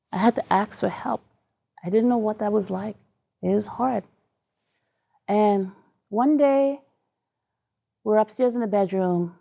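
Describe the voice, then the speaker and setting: A woman from Trinidad and Tobago speaks in an earnest, emotional way, telling a personal story in halting phrases. Her voice is mid-pitched with a gravelly, creaky edge. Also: a little mellow. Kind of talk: personal testimony talk.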